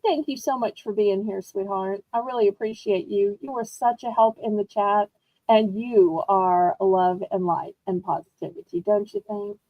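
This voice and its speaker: A woman hosting a live online auction from home, chatty and rambling, teasing herself as she pitches items. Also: fairly even intonation, moderate pace, no echo, dull audio. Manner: bubbly, rambling, self-teasing. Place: indoors at home.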